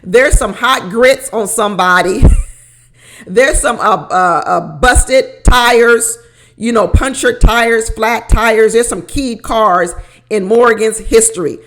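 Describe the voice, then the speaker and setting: Female host, casual recap commentary; animated, frequent laughter, slightly high voice. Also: slow. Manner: animated, laughs often, repeats phrases. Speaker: reality show recap host.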